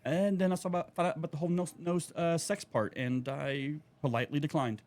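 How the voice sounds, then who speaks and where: Talking fast in a slightly high voice, a podcast co-host rants through a casual chat. He swears freely and spins off into animated tangents.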